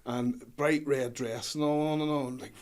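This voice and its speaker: A man's voice: mid-range voice, fairly even intonation, a little mellow. A man, a guest on a casual podcast chat, telling stories in a chatty way. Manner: fast, chatty storyteller.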